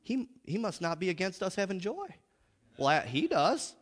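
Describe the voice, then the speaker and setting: A pastor preaching a lively sermon in a church, repeating himself and laughing often. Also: male voice, sits high, moderate pace, big-room sound.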